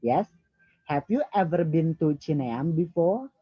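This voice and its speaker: Slow-talking Indonesian man tutoring English. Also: on the high side, animated, slightly rough, dry recording. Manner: repeats words slowly while correcting pronunciation. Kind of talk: online feedback lesson. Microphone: video call. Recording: dull lo-fi video call audio.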